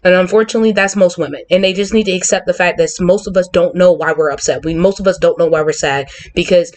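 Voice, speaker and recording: A woman's voice: on the low side, quick pace, a little mellow. A woman hosting a casual conversation, candid and opinionated, talking in a chatty, open way. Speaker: podcast host.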